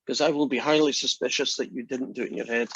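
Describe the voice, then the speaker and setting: A man's voice: medium pitch, fairly even intonation, fast, a bit bright, slight background noise. A male math instructor giving a casual classroom lecture, chatty and joking as he talks through the steps. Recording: dry, dull lo-fi lecture recording.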